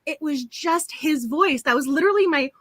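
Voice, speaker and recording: Brief: chatty book club host, woman, giggly and apologetic, bright and sharp, high-ish voice. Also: animated, moderate pace, no room sound. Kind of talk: casual live-stream chat.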